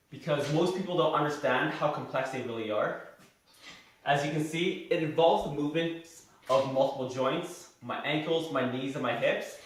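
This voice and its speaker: A man as a fitness trainer, explaining each exercise step by step while he demonstrates it in a gym. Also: fairly high pitch. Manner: instructive, explains while doing the moves. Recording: very echoey room heard from a distance.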